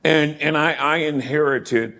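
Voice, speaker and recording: A middle-aged man, a former pro football player, reminiscing as an interview guest in a casual, animated way, laughing often and repeating words. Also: on the high side, measured pace.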